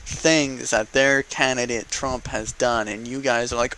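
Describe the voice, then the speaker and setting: A man vents his frustration straight into the camera in an unedited, profane political rant. His voice is bright and forceful, and he drives each point home by repeating it. A faint hiss sits under the recording. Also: mid-range voice, normal speed, poor audio. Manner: heated, profane, repeats for emphasis. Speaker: vlogger.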